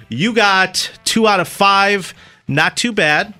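A man's voice: high-pitched, slow pace, soft background music. A man co-hosting a radio morning show who runs a playful quiz and teases the contestants as he reads out the answers. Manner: teasing, lively, reads out multiple-choice answers.

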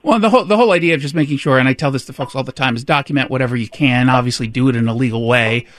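A man's voice: medium pitch, racing, a bit bright, no echo. A man hosting an interview, plugging a guest's book and asking long conversational questions. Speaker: host.

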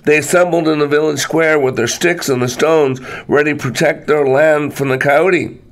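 A man's voice: a little high, moderate pace. Man telling a folktale aloud. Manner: animated, dramatic narration. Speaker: storyteller. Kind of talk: folktale storytelling.

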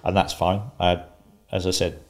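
Calm low-voiced man in his fifties. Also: moderate pace. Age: 50s. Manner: calm, wry, laughs while telling a story. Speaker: interview guest. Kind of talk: storytelling in a podcast interview.

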